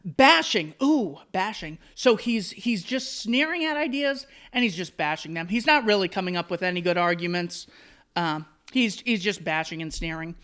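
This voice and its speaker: A man's voice: high-pitched, moderate pace, fairly bright tone, clear, resonant tone. A man hosting solo commentary, reading out an article and answering it with sarcastic, mocking asides. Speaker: commentary host.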